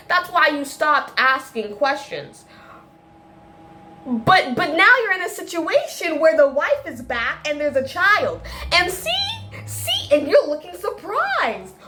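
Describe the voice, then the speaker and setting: A woman in a casual video, ranting about a film in a rambling, animated way, full of restarts and tangents. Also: high voice. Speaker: video creator.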